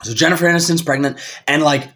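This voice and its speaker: High pitched guy ranting casually on a podcast, lots of "like", animated and rambly. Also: fast. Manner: animated, rambling, heavy use of "like". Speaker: podcast co-host. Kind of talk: casual debate.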